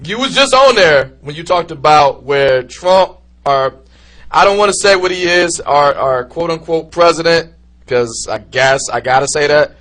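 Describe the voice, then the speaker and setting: An excitable man hosts a casual podcast chat. His voice sits high and swings widely in pitch, and he laughs easily. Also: unhurried. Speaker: podcast host.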